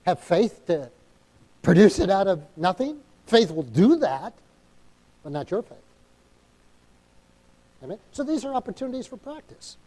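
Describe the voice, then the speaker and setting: High, mellow-voiced preaching man. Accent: New England. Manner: emphatic preaching, calls for amens; acts out quoted inner dialogue. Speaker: pastor. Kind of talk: sermon.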